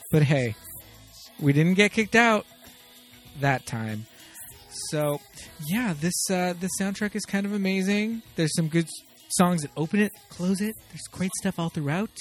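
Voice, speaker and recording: A man co-hosting a movie podcast, laid-back and joking as he chats. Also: sits high. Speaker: podcast co-host. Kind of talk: casual chat.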